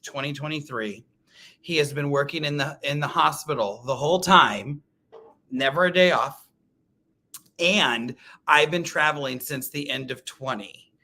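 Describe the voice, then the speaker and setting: A man hosting a casual quilting livestream, telling animated stories, laughing often and reading viewer comments. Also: on the high side. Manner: chatty, animated storytelling, laughs often, reads live comments.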